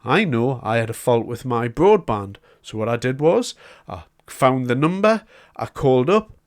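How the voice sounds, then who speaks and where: A man's voice: medium pitch, very animated, normal speed. A man giving a solo political commentary, talking in a conversational, emphatic way as he builds his argument point by point.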